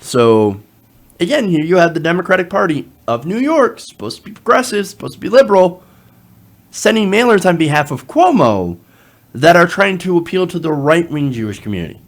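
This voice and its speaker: A man's voice: high-pitched, sing-song, fairly quick. A man hosting a political commentary show, reading from an article and adding sarcastic asides, with frequent fillers.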